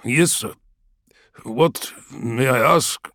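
A man's voice: mid-range voice, extremely slow, fairly bright tone, no echo, studio quality. A man reading an audiobook, voicing a deferential male soldier who stammers respectfully. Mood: nervous. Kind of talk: audiobook character voice.

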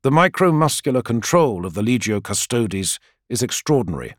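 A man's voice: mid-range voice, moderate pace, no echo. A man reading a dramatic story as audiobook narration, close to the mic. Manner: dramatic, expressive reading with lively swings.

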